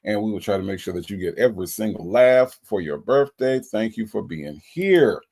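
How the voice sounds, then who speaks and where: Man, livestream host, lively sing-song pitch, playful, greeting chat. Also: normal speed, vocal fry, slightly rough. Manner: animated, greets viewers one by one, playful. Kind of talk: casual livestream chat reading viewer comments.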